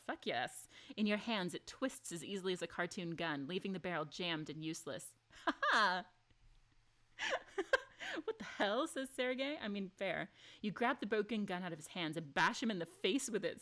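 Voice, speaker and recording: A woman streaming a story game, reading its lines aloud and chatting with her viewers, excitable and quick to gasp and swear. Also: on the low side. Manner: excitable, gasping, laughing and swearing between read lines.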